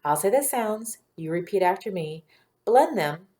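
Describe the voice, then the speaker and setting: Woman, primary school teacher, unhurried, clear, patient, sounds out letters. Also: medium pitch, animated, dark tone. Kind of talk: phonics lesson for young children.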